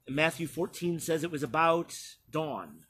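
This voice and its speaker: A male pastor preaching a sermon, retelling a scripture story slowly with frequent pauses. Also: on the high side, animated, a bit bright, husky.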